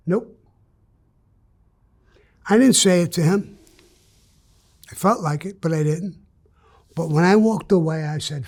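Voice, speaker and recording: An older man speaks in a notably high voice, recounting his past in a candid interview. He is blunt and profane, and he hits his points with emphatic bursts. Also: measured pace, pauses often, a little mellow.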